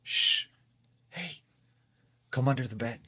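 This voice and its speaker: A man voicing an unseen man hiding under a bed, coaxing in a hushed way while telling a scary story. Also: medium pitch, lively intonation, slow, breathy edge, pitched above the performer's own voice, exaggerated voice.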